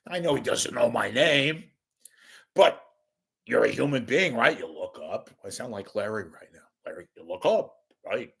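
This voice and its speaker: A middle-aged man hosting a talk show, telling a casual, animated, self-deprecating story. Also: medium pitch, moderate pace, gravelly, husky. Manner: animated, self-deprecating storyteller who acts out his own yelling. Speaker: podcast host.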